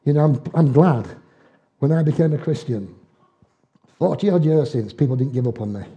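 A man's voice: a little high, animated, moderate pace, dull audio. An older man preaching a sermon, telling homely stories in dialect with chuckles along the way. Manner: folksy storytelling with dialect and chuckles.

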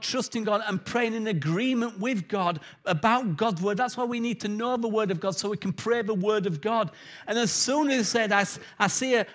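A man preaching a sermon, telling the story with lively acted-out voices. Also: sits high.

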